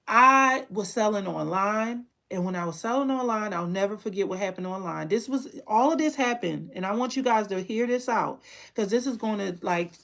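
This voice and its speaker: A woman's voice: mid-range voice, moderate pace, creaky, a bit bright. A woman who makes candles and teaches online, telling her own story to the camera in a candid, emotional way, often repeating herself.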